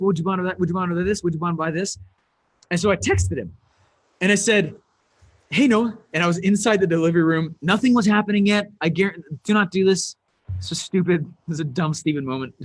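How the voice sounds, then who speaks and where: A man with a high, light voice gives an animated business talk from a stage. The sound is dry and close, with little room around it, and he rises to near shouts on his key points. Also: no echo. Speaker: speaker.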